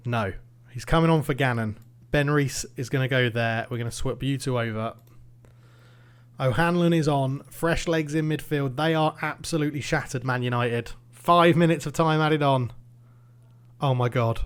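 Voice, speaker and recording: A man commentating his own football management game, swinging between nervous muttering and excited shouting. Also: mid-range voice, moderate pace, clear, resonant tone. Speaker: gaming YouTuber.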